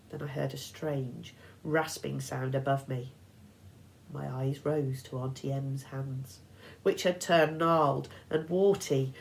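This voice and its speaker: A woman teacher reading a novel aloud to her class with expressive storytelling. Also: low voice, rough recording.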